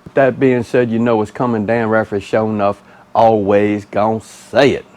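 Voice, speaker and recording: A man with a Mississippi Southern accent hosts a relaxed cooking vlog. His voice sits a bit low, and his folksy, easygoing manner keeps the chat loose and friendly. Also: normal speed. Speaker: cooking channel host.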